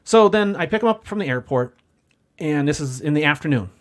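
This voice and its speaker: Man with a higher voice telling stories. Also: brisk. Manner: animated storyteller, swears freely, acts out quotes. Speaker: podcast guest, former limo driver. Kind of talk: casual storytelling chat.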